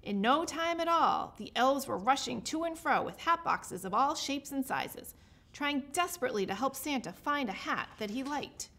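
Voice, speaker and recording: A high-pitched woman reads a holiday picture book to children in an expressive, lively way. Her delivery is warm-paced storytelling, bright and clear. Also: normal speed. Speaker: state representative reading a picture book. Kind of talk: children's story read-aloud.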